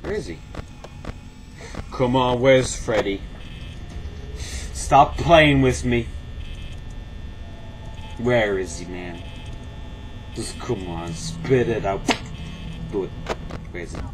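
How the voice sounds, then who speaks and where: A young man talks through a horror game with dry, self-mocking humor. His voice sits fairly low and he drags his words slowly, then breaks into excited yelps, with the game's music playing clearly behind him. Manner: excitable, jumps to high-pitched shouts when scared. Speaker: gaming channel host. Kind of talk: live gameplay commentary. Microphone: facecam headset or desk mic.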